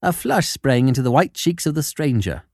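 A man reading a classic story aloud as a narrator, with expressive storytelling. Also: mid-range voice, moderate pace, no echo, studio quality. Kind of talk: scripted narration.

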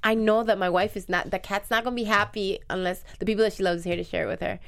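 Woman host chatting, laughs a lot, reads out comments, mid-pitched voice. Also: fast talker, gravelly. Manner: animated, laughs often, reads listener comments. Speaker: podcast host. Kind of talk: casual recap chat.

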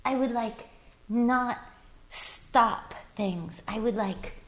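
A woman's voice: fairly high pitch, very slow. Earnest, reflective woman podcast guest. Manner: earnest, reflective, laughs nervously. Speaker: guest, artist. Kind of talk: casual conversational podcast.

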